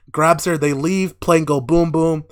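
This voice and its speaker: Man, podcast host, slightly higher voice, casual, profane, laughing, animated storyteller. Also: slow. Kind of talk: casual show recap.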